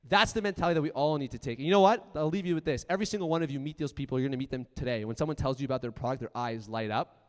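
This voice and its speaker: A man giving a profane, punchy motivational keynote talk, swinging from loud bursts to quiet asides. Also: mid-range voice, very fast, few pauses. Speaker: conference speaker. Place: large conference hall. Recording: long hall reverb.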